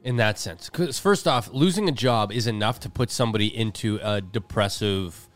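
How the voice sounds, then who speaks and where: A man co-hosting a casual podcast, talking in an animated way with quick restarts and playful voice shifts. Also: lowish voice, soft background music. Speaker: podcast co-host.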